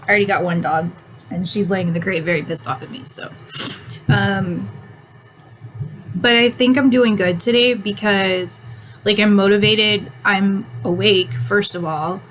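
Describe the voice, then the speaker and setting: A woman's voice: mid-range voice, steady tone, a little slow, fairly bright tone, slight background noise, low-quality recording. A woman in her thirties, chatting casually to camera, rambling with ums and frequent laughs, a bit winded and yawning. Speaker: vlogger.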